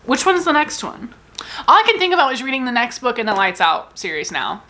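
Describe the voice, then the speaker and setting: A woman's voice: on the high side, very animated, brisk, sharp tone. A woman book vlogger in a casual, rambling, self-deprecating chat, talking about her reading.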